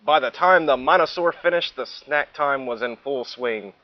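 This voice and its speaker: A man's voice: mid-range voice, moderate pace, dry recording. Man reading a children's book aloud. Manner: expressive storyteller with small stumbles. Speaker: student reader. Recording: dull lo-fi recording.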